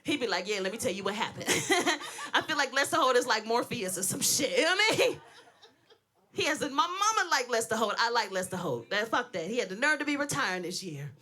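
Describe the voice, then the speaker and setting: Brash stand-up woman, out of breath, laughing through her lines, high and bright, AAVE. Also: very animated, a little fast. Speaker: stand-up comedian. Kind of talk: stand-up comedy set. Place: stage in front of an audience.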